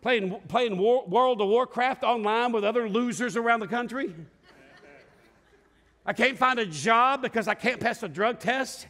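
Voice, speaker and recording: A man's voice: very high voice, unhurried. A middle-aged male pastor preaching a sermon to a congregation in a church, telling stories with acted-out voices and asking the room to respond. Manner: lively storytelling preacher, acts out voices and shouts. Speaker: lead pastor. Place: church sanctuary before a congregation.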